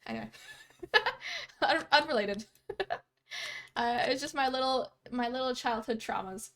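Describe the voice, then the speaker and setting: A woman's voice: high-pitched, big pitch swings, measured pace, pauses often, a bit bright. A young woman from Canada, a streamer chatting casually with her viewers while she plays, bubbly and giggly as she reads out their messages. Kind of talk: casual live-stream chat.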